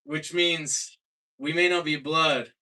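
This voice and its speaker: A young man from Seattle doing a deadpan stand-up set with many halting fillers, in a small comedy club. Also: a little high. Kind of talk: stand-up set at an open mic.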